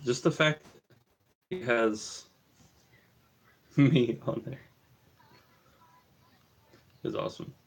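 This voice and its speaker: A man hosting a laid-back livestream at an ordinary middle pitch. He teases his co-host and reads out chat comments in a playful, joking tone. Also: extremely slow, vocal fry, long pauses, slightly rough.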